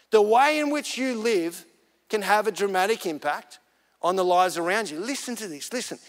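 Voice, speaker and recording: Male pastor, higher voice, earnest chatty sermon delivery, long church-hall reverb. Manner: earnest, conversational storytelling that builds to emphatic points.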